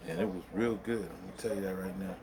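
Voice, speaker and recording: A man's voice: deep voice, fairly even intonation, quick pace, gravelly, dark tone. Middle-aged man, casual storyteller, rambling and colloquial, chuckles a lot. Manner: rambling, colloquial, laughs through the story, lots of fillers. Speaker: vlogger.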